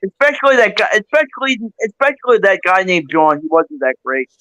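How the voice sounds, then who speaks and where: A man's voice: high voice, big pitch swings, a little fast, sharp tone, dry recording. A man in a casual group chat, talking in a wry, teasing way. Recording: dull lo-fi audio.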